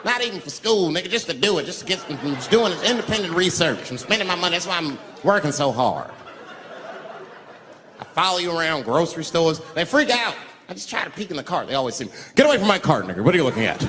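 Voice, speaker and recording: A man's voice: fairly high pitch, expressive, fast. A male stand-up comedian telling a profane story in a swaggering way on a large live stage. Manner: profane, swaggering, jumps between loud and quiet. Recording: live stage with long reverb and audience noise.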